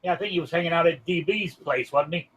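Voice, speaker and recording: A man co-hosting on a call, chatting casually and asking quick questions. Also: fairly high pitch, fairly bright tone, low-quality recording. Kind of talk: casual chat.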